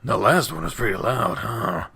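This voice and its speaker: A man voicing a big, affectionate, lazy male bear in a game, speaking gently and teasingly. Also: medium pitch, expressive, moderate pace, vocal fry, husky, soft background music, full character voice. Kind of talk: voiced game dialogue.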